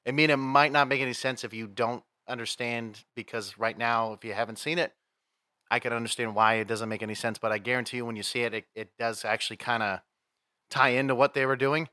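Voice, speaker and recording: A man's voice: medium pitch, fairly even intonation, brisk, bright, forceful tone, dry recording, clean studio sound. A man co-hosting a podcast, telling a story in a rambling casual way and acting out the quotes. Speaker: podcast co-host. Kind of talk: casual chat.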